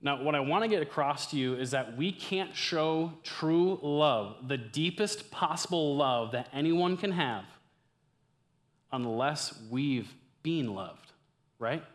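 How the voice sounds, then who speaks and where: A young man giving a casual, conversational sermon to a campus ministry group, swinging from loud, excited bursts to hushed, earnest lines. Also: on the high side, takes it slowly.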